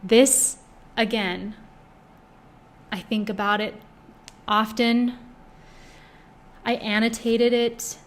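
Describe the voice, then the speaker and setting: A woman's voice: a little high, steady tone, very slow, pauses often. A young woman in casual chat reviewing books, gushing and chatty, with many fillers. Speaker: book vlogger.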